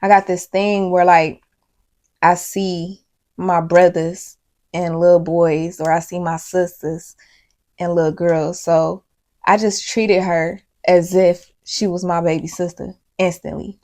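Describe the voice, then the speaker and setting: Young adult woman, gravelly, casual and profane storyteller for a vlog. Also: lowish voice, little pitch movement, slow, a little mellow. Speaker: vlogger.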